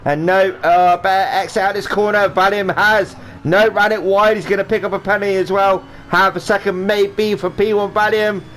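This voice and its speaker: His voice sits high, steady and fairly bright, moving at normal speed with hardly any pauses. He's racing in a sim while commentating live, rambling, joking and doing silly driver voices over a faint game hum.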